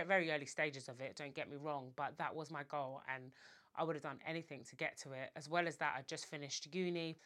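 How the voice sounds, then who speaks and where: A woman's voice: sits low, fairly bright tone. A woman in her thirties, from England, talking candidly to camera in a casual, chatty vlog with frequent asides. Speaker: vlogger. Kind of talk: casual confessional talk to camera.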